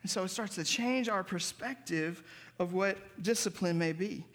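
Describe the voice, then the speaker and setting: A man's voice: high voice, moderate pace, a bit bright. A man preaching a sermon as pastor, explaining Greek words with emphasis.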